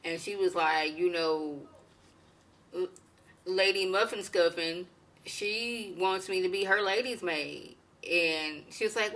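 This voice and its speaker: Bright-voiced chatty woman recapping a show. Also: lowish voice, measured pace. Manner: chatty, animated, colloquial, acts out quotes. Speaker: TV recap vlogger. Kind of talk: casual review chat.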